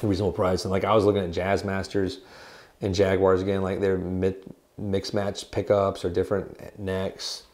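Low-voiced rambling Gen X guitar shop man. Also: completely flat delivery, normal speed, darkish tone. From United States. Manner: rambling, jokey storyteller. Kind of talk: casual chat.

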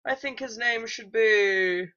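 A man's voice: high-pitched, slow, bright, forceful tone. A young man, maybe a teenager, doing casual let's play commentary, hesitant and rambling with lots of ums and restarts. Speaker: gaming YouTuber. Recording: dull lo-fi home mic.

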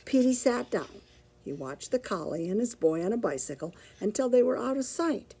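Expressive woman reading a children's story. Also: fairly high pitch, normal speed, breathy edge. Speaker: librarian reading a picture book aloud. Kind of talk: children's story read-aloud.

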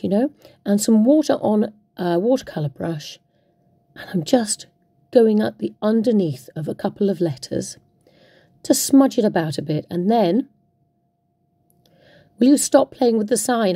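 Talking to herself while she works, a woman runs a casual craft tutorial in a chatty, playful manner. She has a medium-pitched, mellow, husky voice, recorded without echo.

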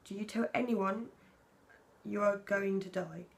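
British woman with a gravelly, creaky voice. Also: mid-range voice, fairly even intonation, a little slow. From Britain. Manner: chatty, candid, soft-spoken when emotional. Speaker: vlogger. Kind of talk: casual tag video, reading questions aloud.

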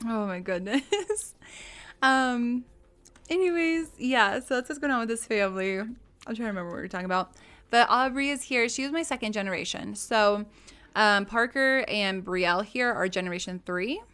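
A woman's voice: a little high, normal speed, fairly bright tone, smooth. A woman streamer chatting casually over her game, giggling often and greeting viewers by name. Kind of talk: live game stream chat.

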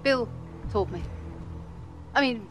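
An actress playing a sharp-tongued female amateur detective with a taunting, probing, theatrical manner. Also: fairly high pitch, slow pace, over music.

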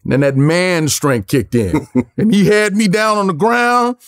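A man's voice: high-pitched, unhurried, dry recording, clean studio sound. A man in his forties from Los Angeles, an interview guest telling stories and acting out the lines of the people in them. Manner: acts out quoted lines in lively voices, swears freely. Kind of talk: animated storytelling.

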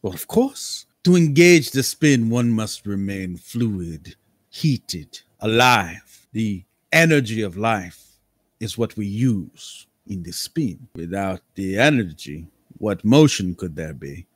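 A man voicing an eccentric, flamboyant male spin master who speaks softly and theatrically, with long lofty pauses. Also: lowish voice, lively intonation, no echo. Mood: smug. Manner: theatrical, soft-spoken, drawn-out pauses, lofty.

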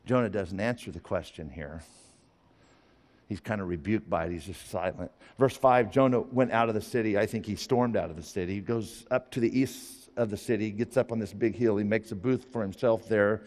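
A male pastor preaching a sermon, moving between chatty asides and forceful, rising emphasis. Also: fairly low pitch, moderate pace, long reverb tail.

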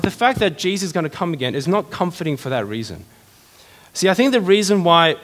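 A man preaching a sermon as pastor, in a lively, conversational way full of rhetorical questions. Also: on the high side. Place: church hall. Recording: long reverb of a church hall.

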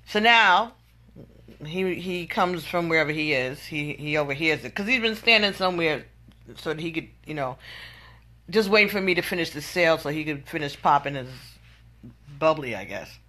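Exasperated woman venting, bright voice. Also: low voice, a little fast. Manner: exasperated, incredulous storytelling. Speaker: vlogger. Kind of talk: venting monologue.

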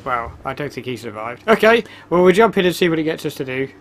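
A man's voice: a little high, very animated, fast. A man giving casual, wry commentary while starting a video game, with sarcastic asides. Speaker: let's play host.

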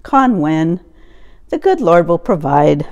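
A woman pastor voicing her calm, steady older father in a quiet, reassuring way. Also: fairly low pitch, takes it slowly, lo-fi sound, heavily acted.

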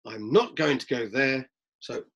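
A middle-aged man, a drama teacher, lecturing students in a lively way and acting out examples as he goes. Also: mid-range voice, a little slow, vocal fry. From London, England. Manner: lively, acts out examples, frequent restarts. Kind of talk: lecture-style talk to students.

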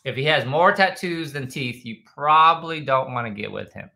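A man from the United States hosting a casual livestream, reading viewer comments in a loose, rambling way with loud bursts when he demonstrates. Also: medium pitch, lively intonation, moderate pace, creaky, poor audio. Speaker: host answering viewer comments.

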